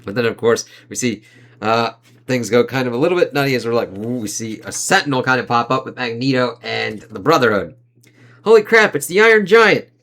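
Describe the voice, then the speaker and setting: A man's voice: medium pitch, fairly quick, fairly bright tone. A man casually reviewing a comic book, reading its panels aloud in playful put-on voices, laughing and swearing as he goes.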